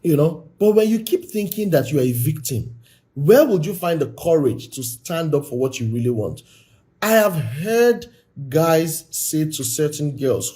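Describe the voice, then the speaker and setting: A man giving a blunt, forceful, exhorting talk on a live stream as a relationship coach. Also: a little high, expressive, unhurried.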